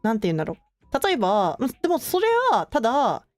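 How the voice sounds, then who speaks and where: A young woman streamer chatting casually with her viewers, relaxed and full of filler words, often laughing between thoughts. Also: fairly high pitch, racing, dry recording, faint music behind. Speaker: streamer hosting her own channel.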